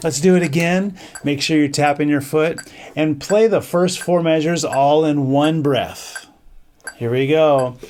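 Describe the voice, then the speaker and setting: A middle-aged band director teaching a music lesson, counting off beats and singing rhythms on syllables. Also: male voice, a little high, measured pace, darkish tone.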